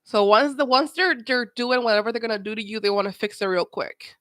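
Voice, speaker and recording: A woman's voice: a little high, fairly quick, fairly bright tone, dry recording. A woman giving casual reaction commentary, emphatic and indignant as she talks over a show she is watching.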